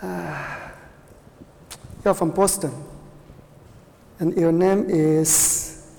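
A woman's voice: lowish voice, fairly even intonation, gravelly, dark tone, a little hiss or hum. Chinese-speaking woman teaching a Bible class. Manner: questions the class often, halting restarts, laughs. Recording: reverberant hall.

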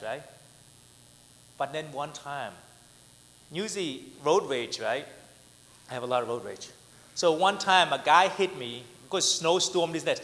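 A man preaching as a pastor, telling personal stories, often asking "right?" and swinging between loud and soft. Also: on the high side, a little hiss or hum. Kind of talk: sermon with personal testimony. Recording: echoey hall, speaker drifting off mic.

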